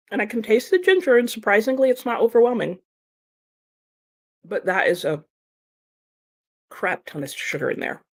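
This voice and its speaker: A young woman chatting casually on a livestream, reading viewer comments aloud and laughing often. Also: lowish voice. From United States. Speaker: streamer and book vlogger.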